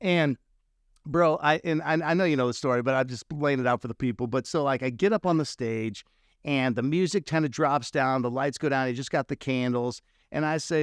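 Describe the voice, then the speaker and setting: A man hosting a podcast, telling a story in a lively, animated way with quick asides. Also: fairly high pitch, dry recording, studio quality. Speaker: podcast host. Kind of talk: casual storytelling chat.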